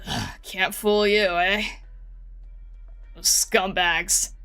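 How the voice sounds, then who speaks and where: A woman's voice: medium pitch, extremely slow, vocal fry, sharp tone, clean tone, pitched below the performer's own voice, exaggerated voice. A woman voicing a wary, defensive middle-aged male farmer who talks in a blunt, grumbling way, over faint background music.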